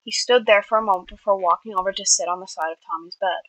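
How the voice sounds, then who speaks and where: A woman's voice: medium pitch, fairly even intonation, fast, a bit bright, no room sound, highs cut off. A woman reading her own story aloud, with small slips and self-corrections. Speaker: amateur writer.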